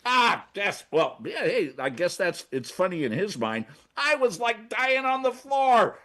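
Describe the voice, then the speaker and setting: A man's voice: high-pitched, big pitch swings, measured pace, a bit bright. A man on a comedy radio show, rambling frantically with constant stammers and restarts. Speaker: recurring comedy segment guest. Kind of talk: excitable comedic radio chat. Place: radio studio.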